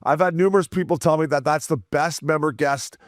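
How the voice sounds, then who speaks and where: A man's voice: on the high side, fairly quick, no room sound, studio quality. A man hosting a casual podcast, trading crude, teasing banter with the guest. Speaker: podcast host.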